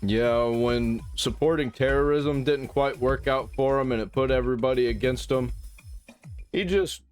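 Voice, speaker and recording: Dude hosting a streamer gossip show, mid voice, snarky asides, faint music behind. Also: male voice, mid-range voice, normal speed, a little mellow. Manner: mocking, offhand remarks. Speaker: host. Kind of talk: casual commentary.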